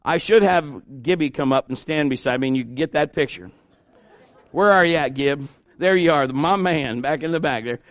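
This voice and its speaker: A middle-aged pastor preaching an animated sermon, acting out the people he quotes. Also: on the high side, normal speed, no echo, clean studio sound.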